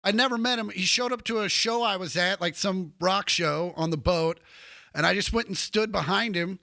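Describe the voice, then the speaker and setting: Man, thirties, comedian guest, high gravelly voice, dry close mic, animated storytelling. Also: moderate pace, dry recording. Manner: animated, acts out quoted voices.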